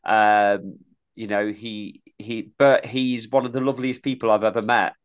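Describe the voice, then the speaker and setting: A man's voice: lowish voice, steady tone, moderate pace, clean tone. A man from the East Midlands with a mild East Midlands accent, co-hosting a podcast in casual, rambling chat full of restarts. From East Midlands, England. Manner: rambling, many restarts and repeated words. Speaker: podcast co-host.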